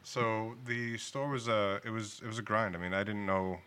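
A man's voice: lowish voice, steady tone, moderate pace, sharp tone, clear, resonant tone. A man with a New England accent, a liquor store owner telling his story in a casual interview, laughing easily. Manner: laughs easily, acts out quoted dialogue.

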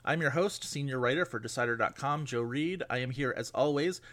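Guy hosting a movie podcast, bright voice, jokey banter. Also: medium pitch, brisk. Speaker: podcast host. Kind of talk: casual chat.

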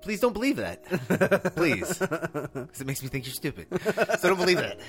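A man's voice: on the high side, sing-song, normal speed, a bit bright, soft background music. A man co-hosting a film podcast in casual chat, laughing often and swearing casually. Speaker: podcast co-host.

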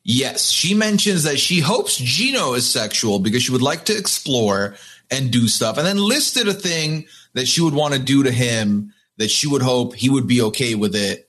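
A man co-hosting a podcast in casual chat, animated and putting on mock voices now and then. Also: mid-range voice, moderate pace. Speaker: podcast co-host.

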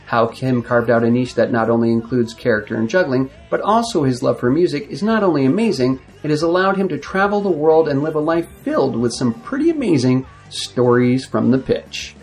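A man hosting a podcast, reading a measured, reflective scripted introduction. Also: mid-range voice, very animated, a little mellow, soft background music. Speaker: podcast host.

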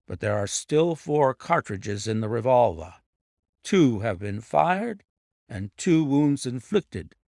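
A man's voice: fairly low pitch, gravelly, dry recording, studio quality. A man reading an audiobook voices an eager, earnest country doctor. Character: eager middle-aged male country doctor.

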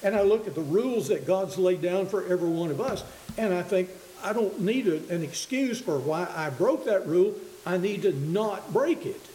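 A man preaching a sermon in an earnest, halting way, often restarting his words, in a church hall. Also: high voice, expressive, dark tone. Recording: echoey room with faint hiss.

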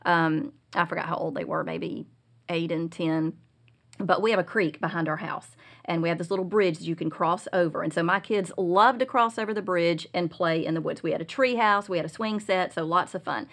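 A middle-aged woman telling a personal parenting story as a guest, earnest and confessional, growing animated when she retells scenes. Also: lowish voice, fairly quick, creaky. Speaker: guest speaker on Christian parenting.

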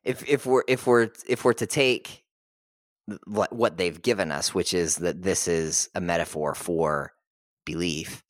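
A man with a fairly low voice talks in easy podcast chat and gets animated as he retells scenes. He jumps into quick voices for the characters he quotes. The sound is dry and close, with no room around it. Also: no echo. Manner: animated storytelling, acts out characters' lines. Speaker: podcast host. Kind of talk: casual chat.

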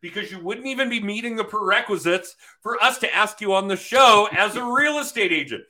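A man's voice: sits high, animated, a little fast, sharp tone. A man hosting a podcast, talking frankly and swearing casually in loose chat. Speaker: podcast host.

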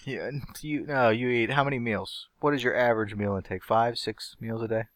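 A man's voice: medium pitch, a little fast, no echo. A man in casual chat, easygoing and teasing, laughing often.

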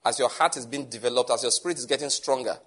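A man's voice: medium pitch, fast talker, a bit bright, slightly rough. A man preaching a sermon in a conversational way, acting out little dialogues as he teaches. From Nigeria.

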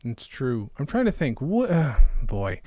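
A young man co-hosting a casual comedy podcast, animated and jokey, slipping into silly voices. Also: medium pitch, measured pace, dry recording, clean studio sound. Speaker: podcast co-host.

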